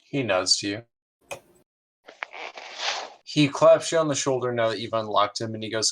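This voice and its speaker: A man's voice: lowish voice, moderate pace, pauses often, fairly bright tone. A man narrating a tabletop game as game master in a casual, descriptive way.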